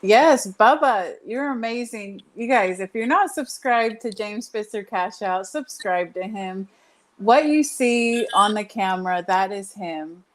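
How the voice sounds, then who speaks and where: A woman's voice: mid-range voice, expressive, a little slow. Gushing enthusiastic woman on a call. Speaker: guest on a video call. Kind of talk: casual chat.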